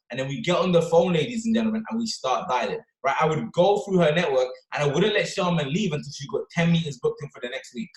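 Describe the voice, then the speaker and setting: A man giving an energetic motivational talk on a team call, punctuating his points with "right?" and "okay?". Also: fairly high pitch, fast talker, hardly any pauses. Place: office or London. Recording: echoey room.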